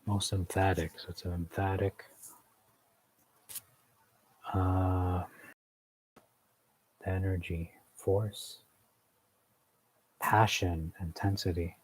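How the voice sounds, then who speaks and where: A man's voice: deep voice, little pitch movement, very slow, long pauses, rough recording. A man leading an informal Bible study, thinking aloud as he explains what words mean, with frequent fillers.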